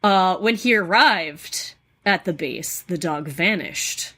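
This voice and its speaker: A woman from New England co-hosting a podcast, telling spooky folklore in a relaxed, casual way with plenty of ums and uhs. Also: lowish voice, slow pace. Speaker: podcast co-host. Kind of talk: casual chat, storytelling folklore.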